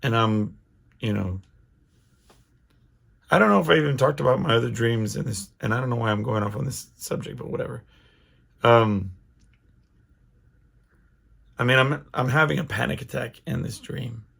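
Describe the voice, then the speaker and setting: A man's voice: medium pitch, moderate pace, creaky, long pauses, fairly bright tone, husky. A middle-aged man hosting his own podcast, talking alone in a casual, rambling way with lots of restarts and fillers. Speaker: podcast host. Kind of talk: casual solo monologue.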